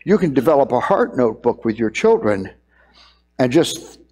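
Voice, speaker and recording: A man's voice: mid-range voice, very animated, normal speed, a little mellow, long reverb tail. An older man preaching a sermon in a conversational way, often repeating words as he thinks.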